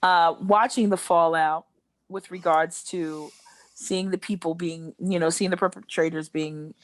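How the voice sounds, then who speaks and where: A woman's voice: on the low side, fairly even intonation, unhurried, no echo. A woman co-hosting a casual podcast, telling stories with animation and acting out the people she quotes. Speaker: podcast co-host.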